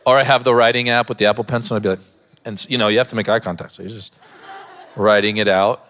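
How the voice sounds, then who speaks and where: A man's voice: on the low side, fairly even intonation, quick pace, a bit bright. A man, a pastor, preaching a sermon in a church, mixing scripture with a humorous personal story and laughing often.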